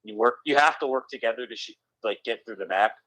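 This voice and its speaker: A man's voice: mid-range voice, fast talker, sharp tone, no echo, low-quality recording. A young man chatting casually about video games, rambling with lots of restarts.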